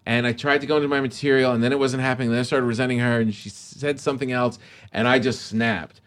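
A man's voice: mid-range voice, steady tone, quick pace, fairly bright tone. A middle-aged man, a comedian guest in a casual podcast chat, telling stories animatedly and laughing often.

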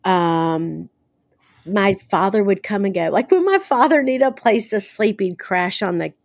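A woman's voice: mid-range voice, expressive, measured pace, dry recording, studio quality. A woman from the American South, an author being interviewed, talking casually with blunt, salty humor and lots of fillers. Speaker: author guest.

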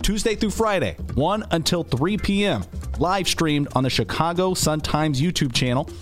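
A man's voice: a little high, animated, moderate pace, soft background music. A man producer reading a recorded promo for the show in a chatty, upbeat way.

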